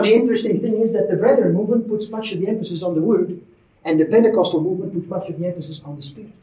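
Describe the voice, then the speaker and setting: A man preaching a sermon in an emphatic, conversational way, with frequent asides to his listeners. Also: sits high. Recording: roomy, distant, dull lo-fi sermon recording.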